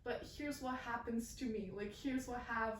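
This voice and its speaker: A woman's voice: on the high side, steady tone, moderate pace. A teenage girl as an interview guest, talking openly and easily about her experience. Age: teens. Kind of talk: casual interview chat. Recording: echoey room from far off with faint noise.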